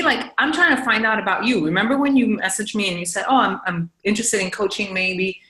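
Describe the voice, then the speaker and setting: A woman's voice: mid-range voice, bright, forceful tone, roomy sound, rough recording. A woman leading a team coaching call, talking frankly and encouragingly in a casual, chatty way. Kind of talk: casual motivational talk.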